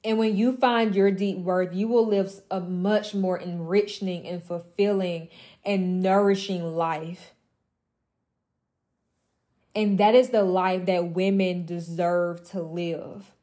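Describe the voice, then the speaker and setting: A woman's voice: fairly low pitch, steady tone, slow, dark tone. A young woman mentoring other women in an impassioned motivational monologue, emphatic and blunt, with profane, mocking asides.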